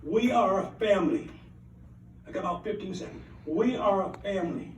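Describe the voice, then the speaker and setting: An older man from Alabama speaks. He gives a rambling, earnest acceptance speech in a high voice and repeats key lines for emphasis. The voice is picked up from some way off in an echoey hall with a faint hiss. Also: expressive, normal speed. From Alabama, USA. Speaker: award recipient giving acceptance speech. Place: banquet hall at an awards event. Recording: roomy hall, mic at a distance.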